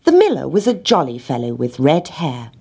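A woman narrating a children's storybook in a gentle, expressive reading. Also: very deep voice, moderate pace, creaky, husky.

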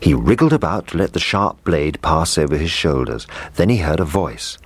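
Deep-voiced male storyteller. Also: animated, moderate pace, husky, no echo. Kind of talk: storybook reading.

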